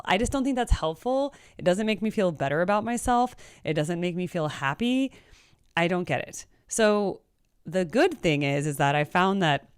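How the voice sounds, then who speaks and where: A woman's voice: smooth, no echo, clean studio sound. A young woman hosting her own music channel, talking casually to camera and acting out what other people say. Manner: chatty, animated, acts out quoted people in a higher voice. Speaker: music reaction channel host.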